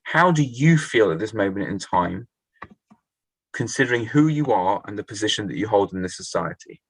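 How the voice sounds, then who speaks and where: A man's voice: on the low side, animated, moderate pace, creaky, dry recording, rough recording. A man leading a Torah study class, thinking aloud, restarting phrases and putting questions to the group.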